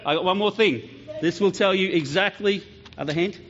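A man's voice: high voice, moderate pace, very noisy. A man giving a playful, joking children's talk in church, quizzing the kids as he goes. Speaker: children's pastor. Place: church hall. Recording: dull lo-fi church sound.

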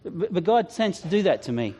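A man preaching a sermon, telling stories with animated, self-deprecating humor and acting out voices. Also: high-pitched, a little fast, husky. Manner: animated, acts out quoted voices. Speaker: pastor. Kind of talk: sermon storytelling.

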